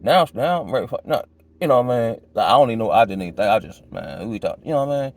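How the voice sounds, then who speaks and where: A man giving a casual personal testimony, talking loosely in street slang with many restarts, his pitch jumping high when he gets worked up. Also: animated, rapid-fire, gravelly, a little mellow. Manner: conversational, loose street slang, many restarts and "you know what I'm saying"; emotional, pitch jumps high when agitated.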